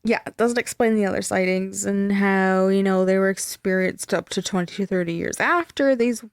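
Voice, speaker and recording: A woman's voice: mid-range voice, normal speed, clean tone, no room sound, studio quality. A young woman podcast host telling a spooky local legend in casual, swear-filled chat. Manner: chatty, swears freely, tells the story.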